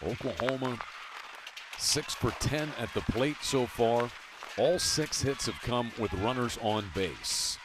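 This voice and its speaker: A man calls a college baseball game play by play, his delivery brisk and even between pitches. His voice climbs on strikeouts and extra-base hits. Ballpark noise comes through clearly behind him on the broadcast. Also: crowd noise. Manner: brisk, rises to shouts on big plays. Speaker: play-by-play announcer.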